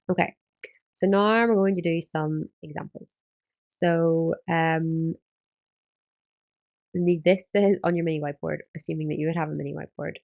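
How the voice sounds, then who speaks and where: A woman's voice: sits low, gravelly, a little mellow, lo-fi sound. A woman, a Spanish teacher, explaining exam answers step by step in a recorded lesson and often starting with um.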